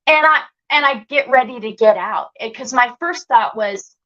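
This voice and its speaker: A woman's voice: on the high side, normal speed, sharp tone, muffled recording. A woman guest telling a personal story with animation, acting out the voices she quotes.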